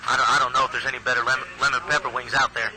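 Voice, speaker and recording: A man's voice: medium pitch, little pitch movement, rapid-fire. Male announcer, easygoing play-by-play, noisy field audio, mid-range voice. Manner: folksy, chatty, restarts phrases often. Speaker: youth football play-by-play announcer. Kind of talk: live sports commentary. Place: outdoor football field. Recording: noisy outdoor field recording.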